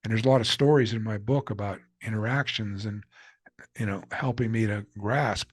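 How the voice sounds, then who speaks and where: A man's voice: lowish voice, moderate pace, breathy edge, no echo. An older man, an author being interviewed, telling personal stories in an earnest, candid way and acting out the people he quotes. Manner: earnest, candid storyteller who acts out quotes. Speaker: author and guest. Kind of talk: reflective storytelling interview.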